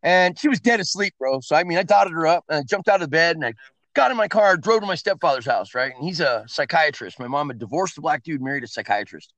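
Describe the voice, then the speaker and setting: A high-pitched man tells crude stories as a guest in a casual chat, swearing constantly and making his voice climb and plunge with every turn. His voice sounds dry and close, with no room around it. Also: fast talker, no echo. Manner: profane, animated storyteller. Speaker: podcast guest.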